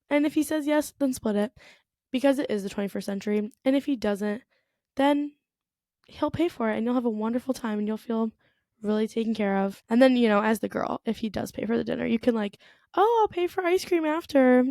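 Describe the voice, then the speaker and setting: A woman's voice: a little high, gravelly, a little mellow, no echo. Chatty young woman podcaster, dry sound. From United States. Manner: chatty, lots of "like" and "you know". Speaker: podcast host. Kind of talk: casual solo podcast monologue.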